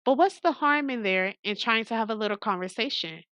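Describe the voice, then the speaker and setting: A woman's voice: fairly high pitch, animated, brisk, fairly bright tone, dry recording, highs cut off. A woman streamer playing a visual novel, reading it aloud and giving playful, sassy asides to the characters. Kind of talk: casual game commentary and reading aloud.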